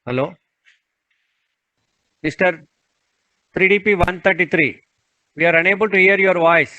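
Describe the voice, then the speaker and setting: A man runs an online session, calling on participants again and again. His voice is bright and fairly high. The sound is dry and muffled, as on a video call. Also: unhurried, no echo. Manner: repeats calls and requests patiently. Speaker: webinar moderator.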